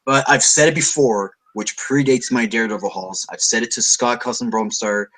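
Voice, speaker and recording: A man from Canada chatting casually about comics, blunt and animated. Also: medium pitch, moderate pace. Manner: animated, swearing, blunt opinions. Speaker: co-host. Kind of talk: casual chat.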